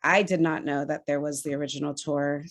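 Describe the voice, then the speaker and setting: A woman being interviewed on a podcast as a film's executive director, speaking earnestly and enthusiastically with halting restarts. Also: low voice, steady tone.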